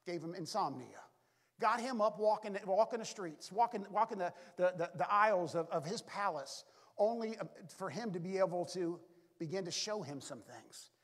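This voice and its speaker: Male preacher, high voice, storytelling sermon, voice ringing in a reverberant sanctuary. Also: lively intonation, normal speed. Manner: storytelling preacher who acts out the characters' lines; repeats "all of a sudden" and "be able to". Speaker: pastor. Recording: long reverb from a large hall.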